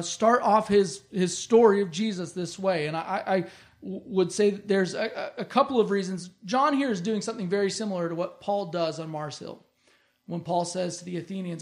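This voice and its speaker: An earnest Bible teacher explaining scripture in an emphatic way, often dropping the voice low on key phrases.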